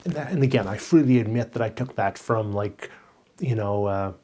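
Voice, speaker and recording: Husky man with halting speech. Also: fairly low pitch, dark tone. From Canada. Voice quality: hesitant, full of restarts and "you know". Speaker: podcast co-host. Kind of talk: casual chat.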